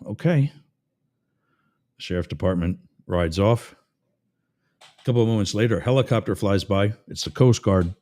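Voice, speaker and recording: A man hosting a talk radio show, ranting with sarcasm and telling jokes in an animated way. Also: on the low side, normal speed, pauses often. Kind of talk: talk radio monologue with a live-read ad.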